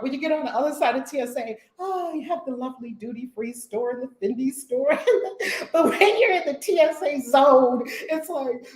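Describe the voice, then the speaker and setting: A woman from the United States leading a spiritual community session, telling stories in an expressive, blunt, sometimes profane way. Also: high-pitched, reverberant, poor audio. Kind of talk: animated storytelling talk.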